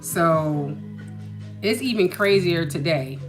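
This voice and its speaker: A woman hosting a podcast, telling a story in a casual, animated way and asking "you know what I mean" often. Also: on the low side, takes it slowly, music in the background. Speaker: podcast host.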